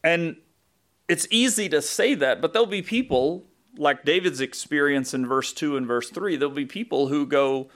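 A man's voice: fairly high pitch, moderate pace, a bit bright. A man with a Southern US accent, a pastor preaching a conversational sermon, thinking aloud with asides and self-corrections.

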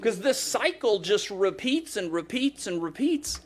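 A man's voice: high-pitched, big pitch swings, measured pace. A male pastor preaching a sermon in a conversational, humorous way, acting out grumbling voices.

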